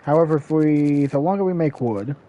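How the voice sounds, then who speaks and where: A man's voice: a little high, fairly quick, dark tone, dull audio. A man giving a grandiose, philosophical monologue, then thinking aloud as he plays a game on his channel. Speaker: game streamer. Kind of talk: reflective monologue and game commentary.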